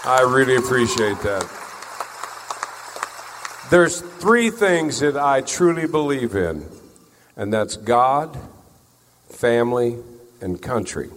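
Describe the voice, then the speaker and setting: A man's voice: mid-range voice, big pitch swings, slow pace, long pauses, a bit bright. A man, a singer telling folksy, joking stories to a crowd between songs. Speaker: country-style singer performing on stage. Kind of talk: stage storytelling between songs. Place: concert venue with house lights. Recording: long reverb of a concert hall.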